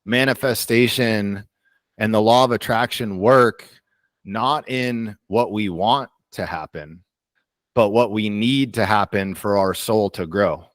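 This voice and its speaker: Low-voiced man explaining on a call. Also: no echo. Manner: calm, explanatory, slows down to stress points. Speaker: host of a community call. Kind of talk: casual teaching on a video call. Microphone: video call.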